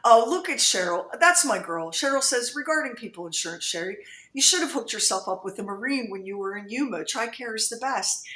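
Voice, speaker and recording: A woman's voice: on the high side, animated, a little fast, bright, forceful tone, roomy sound. A woman co-hosting a radio show, joking in a casual chat as she reads listener comments aloud. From United States. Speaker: radio co-host.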